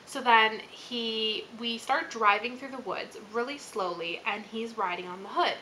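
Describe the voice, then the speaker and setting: A woman in her thirties tells a personal story to her vlog audience in a loose, chatty way, stacking fillers and slipping in small laughs. Her voice sits a little high and rings brightly. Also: unhurried, slight background noise, poor audio. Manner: chatty, filler-heavy, laughs as she talks. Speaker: channel host.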